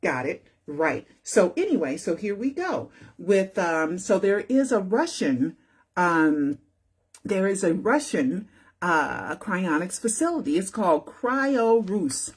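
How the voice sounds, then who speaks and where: Woman host, husky voice, loose rambling commentary, lots of "right?". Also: fairly low pitch, sing-song, takes it slowly. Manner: rambling, repetitive, keeps asking "right?". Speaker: channel host. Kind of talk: casual on-screen commentary.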